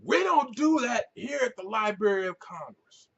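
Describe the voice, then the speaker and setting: A man putting on a shrill snippy librarian lady. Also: sing-song, moderate pace, creaky, a bit bright, husky, distant mic, muffled recording, exaggerated voice. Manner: high, shrill, indignant. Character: snippy, haughty female librarian clerk.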